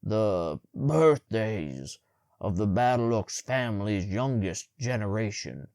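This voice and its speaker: Man voicing a gruff male ruler, gravelly, hoarse, booming, halting reader, short temper, audiobook. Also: animated, no room sound, studio quality. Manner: halting, stumbles over words while reading aloud, booming.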